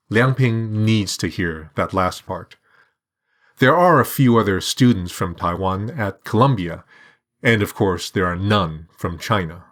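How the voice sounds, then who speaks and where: Slow, low-voiced male story narrator. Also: animated, a bit bright. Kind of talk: scripted narration.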